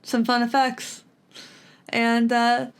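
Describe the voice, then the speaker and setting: Chatty self-deprecating woman, slightly high. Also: completely flat delivery, takes it slowly, smooth. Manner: chatty, self-deprecating, giggly, many fillers. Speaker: guitar gear vlogger. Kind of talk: casual chat while practicing.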